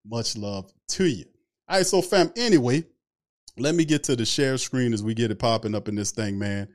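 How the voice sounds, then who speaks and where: Guy hosting a sports stream, loose and chatty, shouting out folks in the chat. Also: mid-range voice, expressive, moderate pace. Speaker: sports talk show host. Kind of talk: casual livestream sports chat.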